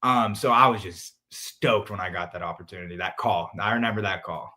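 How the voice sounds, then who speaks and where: A young man from San Diego, a guest in a casual interview, telling stories with lively acted-out quotes. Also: a little fast. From San Diego, California. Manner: animated, acts out quotes with big jumps in pitch and volume. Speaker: interview guest, reality show contestant.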